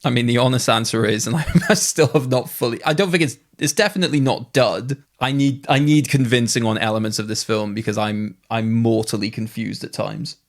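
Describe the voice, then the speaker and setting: A man's voice: medium pitch, steady tone, brisk, few pauses. A man co-hosting a casual film podcast, rambling and correcting himself as he talks. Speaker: podcast co-host.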